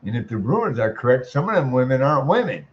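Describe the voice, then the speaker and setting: A man in his sixties with a voice he calls squeaky, ranting bluntly and swearing a lot as he comments. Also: big pitch swings, fast. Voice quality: self-described squeaky voice. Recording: muffled lo-fi audio.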